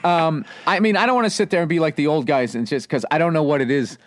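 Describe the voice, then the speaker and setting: A man's voice: a little high, racing, no echo. Boston comedian host in his 40s, loose profane storyteller, dead-dry close mic. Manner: profane, rambling, animated storyteller. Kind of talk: casual storytelling chat.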